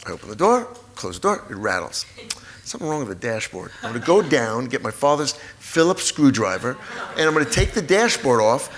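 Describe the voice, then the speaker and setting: A man in his sixties, a guest author in a live stage conversation, telling family stories with lively acted-out moments. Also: mid-range voice, brisk. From United States. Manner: animated storyteller, acts out family scenes. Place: auditorium stage before an audience.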